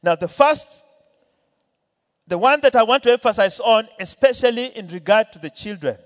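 A man's voice: high voice, lively intonation, moderate pace. A man preaching a sermon to a church, telling a Bible story and voicing its characters as he goes. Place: church hall. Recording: long hall reverb.

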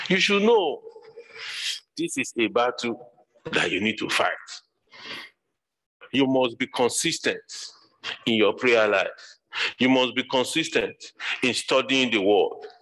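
Slow, emphatic male preacher. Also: medium pitch, a bit bright, low-quality recording. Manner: emphatic, repeats phrases, slow deliberate delivery. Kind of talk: sermon.

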